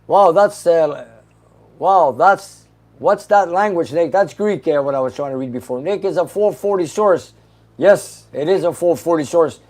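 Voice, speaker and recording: A man hosts a casual livestream, working through viewer comments one by one. His voice sits a little high, and he answers each question briefly and with an easy laugh. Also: a little slow, darkish tone. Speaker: host reading live chat questions.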